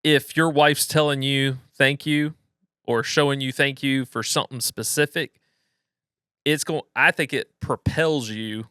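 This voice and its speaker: A man co-hosting a podcast, talking through his points in a reflective, measured way with frequent restarts. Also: mid-range voice, steady tone, pushed and bright, clean tone, no room sound, studio quality. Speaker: podcast co-host. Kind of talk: casual conversational podcast.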